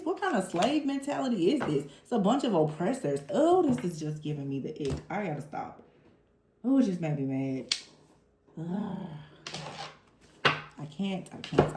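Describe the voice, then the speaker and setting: A woman talks through a tarot reading with lively exasperation, now and then mimicking the people she describes. Her voice sits in a middle range. The room around her adds a noticeable echo. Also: mid-range voice, very noisy. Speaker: tarot reader. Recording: roomy echo.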